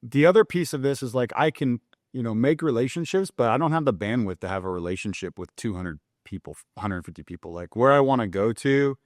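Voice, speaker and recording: A man's voice: medium pitch, a little fast, dry recording, studio quality. A young man, a loan officer, talking loosely and candidly in an interview, with plenty of filler words. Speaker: mortgage loan officer, podcast guest. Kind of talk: casual conversational interview.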